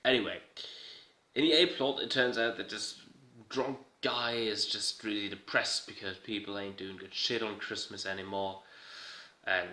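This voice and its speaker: A man's voice: on the low side, fairly even intonation, normal speed, sharp tone. A man giving a casual, irreverent recap, rambling and swearing as he goes. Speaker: video host recapping a TV episode. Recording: roomy echo.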